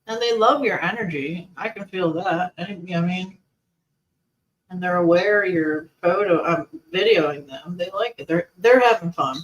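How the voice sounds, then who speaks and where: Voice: mid-range voice, measured pace, lo-fi sound. A co-host of a paranormal talk show, chatting casually and gossiping, often breaking off mid-thought. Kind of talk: casual chat.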